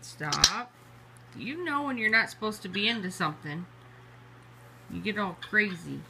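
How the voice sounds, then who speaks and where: A woman's voice: medium pitch, expressive, measured pace, gravelly, pushed and bright, slight background noise. A woman at home talking to her pets in playful, teasing baby talk. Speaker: pet owner.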